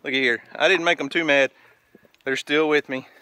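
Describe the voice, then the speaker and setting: A man's voice: fairly high pitch, fairly even intonation, normal speed, bright, forceful tone, clear, resonant tone, dry recording. Winded man vlogging outdoors. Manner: folksy, talks to camera and coaxes goats. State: out of breath. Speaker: homestead vlogger. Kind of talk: casual outdoor vlog. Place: outdoors by a creek on a farm.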